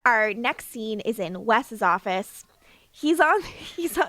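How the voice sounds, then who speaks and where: A woman co-hosting a casual rewatch podcast, recapping scenes in an animated way, acting out quotes and laughing often. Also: on the high side, slow pace, no echo. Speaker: podcast co-host.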